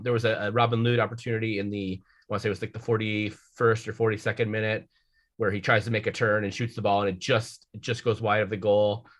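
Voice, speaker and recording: A man in his thirties hosting a casual sports podcast, rambling through match recaps with frequent restarts and swearing. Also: mid-range voice. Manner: rambling, profane, self-correcting. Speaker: podcast host.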